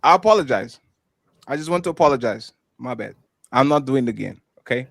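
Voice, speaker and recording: A man's voice: medium pitch, animated, brisk, creaky, a bit bright, no room sound, clean studio sound. A man hosting a live-stream talk show, playful and teasing, apologizing in a joking way. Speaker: host.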